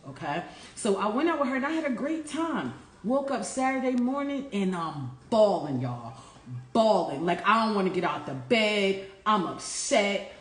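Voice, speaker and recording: A woman's voice: mid-range voice, echoey room. A woman life coach giving an earnest, preachy morning talk and calling her listeners y'all. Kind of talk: casual inspirational morning talk.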